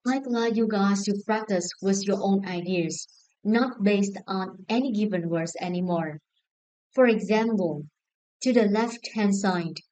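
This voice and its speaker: Slow, mellow-voiced woman teaching English. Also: medium pitch, poor audio. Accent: Vietnamese. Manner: clear, encouraging instructions to a class. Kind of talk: recorded classroom lesson.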